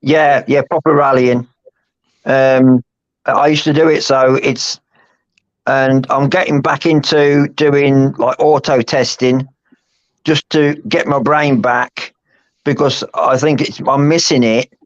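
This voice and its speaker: A man in his fifties talks on and on in a restless, wandering way, his voice at an everyday pitch. The call audio is dull and lo-fi. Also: steady tone, slow. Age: 50s. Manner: restless, rambling. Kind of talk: casual group chat.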